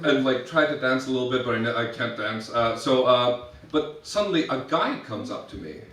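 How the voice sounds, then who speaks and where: A man's voice: mid-range voice, lively intonation, normal speed, fairly bright tone. A young adult man doing drag stand-up, telling chatty, self-mocking stories with lots of restarts and giggles. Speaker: drag performer. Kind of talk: stand-up storytelling. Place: live show venue. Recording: echoey room, voice from some distance.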